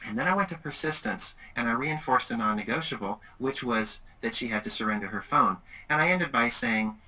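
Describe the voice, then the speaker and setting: A man's voice: mid-range voice, a little fast, few pauses, rough recording. A middle-aged man giving a webinar presentation, telling a story animatedly. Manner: animated, acts out quoted voices.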